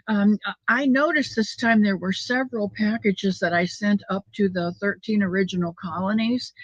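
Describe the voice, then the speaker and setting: A slightly bright, mid-range voice belongs to an older woman reading chat on a relaxed home livestream, where she talks affectionately with her viewers. The lo-fi sound is dry and dull.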